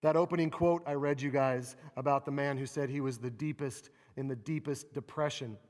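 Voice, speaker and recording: A man preaching a sermon, animated and expressive, acting out quoted laments with a rising voice. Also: medium pitch, fairly quick. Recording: long reverb of a large hall.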